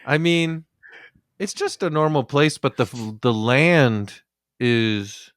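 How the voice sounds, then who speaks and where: A man co-hosting a podcast, telling relaxed, playful stories from a comedy tour in casual chat. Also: mid-range voice, slow, no room sound, studio quality. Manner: relaxed storytelling with playful asides.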